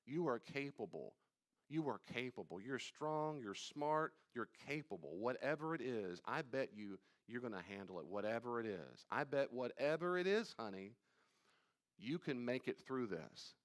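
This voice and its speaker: Male pastor leading a live Bible study, mid-range voice, repeats key lines with force, then drops low and confiding. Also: sing-song, moderate pace. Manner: emphatic and repetitive, swinging from loud stresses to quiet asides; conversational, addresses listeners directly.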